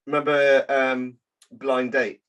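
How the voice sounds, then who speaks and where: A man's voice: medium pitch, level tone, slow pace, a bit bright, smooth. Co-host: man with a mid-range voice, rambling and hesitant, casual podcast chat. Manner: rambling, hesitant, lots of fillers.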